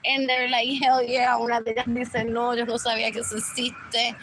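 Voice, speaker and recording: A woman livestreams a meandering, repetitive monologue, switching between English and Spanish, apparently while waiting for a bus. Her voice is fairly high, monotone and brisk, and the poor audio is full of loud street noise and passing vehicles.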